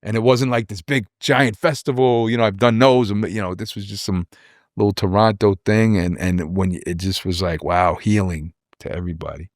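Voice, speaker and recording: In a casual interview, a forties-aged rapper rambles through personal stories, repeating himself and imitating what others said. He has a lowish, steady voice at normal speed, captured in studio quality with no room sound.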